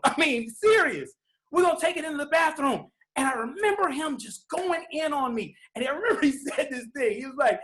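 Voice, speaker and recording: A middle-aged man giving an emotional personal testimony about being a father, talking in a heartfelt, halting way with many restarts and repeated phrases. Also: extremely high pitch, lively intonation, a bit bright.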